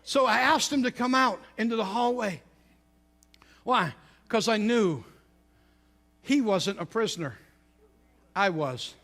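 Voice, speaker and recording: High-voiced preacher, loud then hushed. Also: male voice. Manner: storytelling preacher, swings from loud exclamations to hushed intensity. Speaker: pastor. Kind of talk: sermon.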